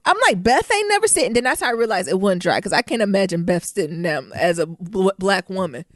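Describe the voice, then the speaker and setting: A young woman from Detroit co-hosting a podcast in casual, profane chat with lively asides. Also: on the low side, fast talker, no room sound, clean studio sound. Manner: animated, profane, laughing asides. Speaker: podcast co-host.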